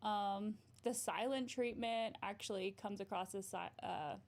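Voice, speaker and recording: A bubbly woman therapist chats on a livestream, giggling often as she reads comments aloud. Her voice sits in a middle pitch with lots of gravelly vocal fry running through it. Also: steady tone, unhurried, a little mellow. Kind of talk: casual livestream chat, reading comments.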